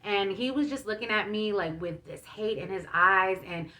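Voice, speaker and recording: A woman's voice: medium pitch, normal speed, pushed and bright, slight background noise. A young woman vlogger telling a personal story in a casual, chatty way, full of fillers and feeling. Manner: chatty, many fillers, emotional retelling.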